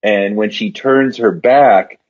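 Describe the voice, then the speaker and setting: A man, a podcast guest and writer, telling long story jokes in casual talk and voicing the characters with big jumps in pitch. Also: takes it slowly, darkish tone, highs cut off.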